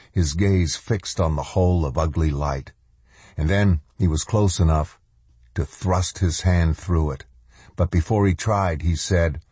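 A man narrating an audiobook in a measured, deliberate storytelling manner. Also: low-pitched, warm tone, slightly rough, dry recording. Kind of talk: scripted narration.

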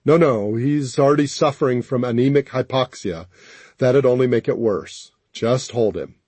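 A man reading an audiobook, voicing a practical, overworked country doctor who speaks in a calm, matter-of-fact way. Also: mid-range voice, moderate pace, slightly rough, dry recording, close to an everyday voice. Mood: firm.

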